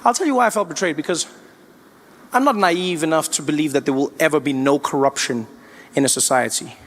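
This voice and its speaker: A man from South Africa doing a stand-up comedy routine, animated and acting out voices. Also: on the high side, a little fast.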